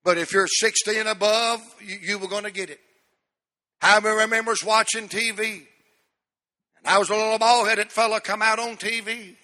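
A man's voice: high-pitched, fairly even intonation, normal speed, bright, forceful tone, in a large hall. A man in his sixties preaching a sermon as pastor in a church, emphatic and repeating key words for stress. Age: 60s.

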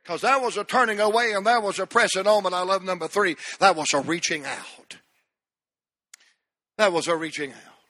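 High, bright-voiced shouting preacher. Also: male voice, moderate pace. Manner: builds to shouted, repeated exhortations with folksy humor. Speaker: pastor. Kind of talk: revival-style sermon.

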